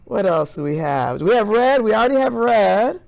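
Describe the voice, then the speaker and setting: A woman's voice: mid-range voice, sing-song, moderate pace, gravelly, a little mellow. A woman science teacher leading a hands-on classroom demonstration in an enthusiastic, encouraging way.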